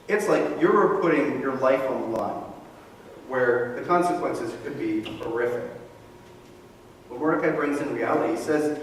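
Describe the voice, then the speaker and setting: A male pastor preaching a sermon, telling the story in a conversational, animated way with casual asides. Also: medium pitch, moderate pace. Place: church sanctuary. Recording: echoey hall, mic far from speaker, faint room noise.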